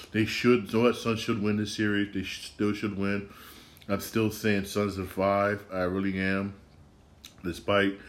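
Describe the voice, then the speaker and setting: Low-voiced man rambling about sports. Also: slight background noise. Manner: rambling, repeats himself, rants. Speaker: sports podcast host. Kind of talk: casual solo sports talk.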